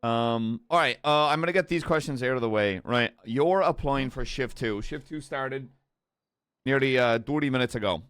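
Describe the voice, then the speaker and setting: A man's voice: mid-range voice, normal speed, a bit bright, clean tone, no echo. Blunt, swearing man role-playing a lieutenant. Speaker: police lieutenant interviewing applicants in role-play. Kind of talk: casual gaming role-play chat.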